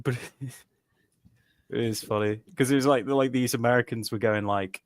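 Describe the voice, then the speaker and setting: A man's voice: on the low side, brisk, no room sound, studio quality. A man from Britain co-hosting a casual podcast, telling stories animatedly, swearing and laughing as he talks. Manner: animated storytelling, swears, laughs mid-sentence. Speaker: podcast co-host. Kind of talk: casual chat.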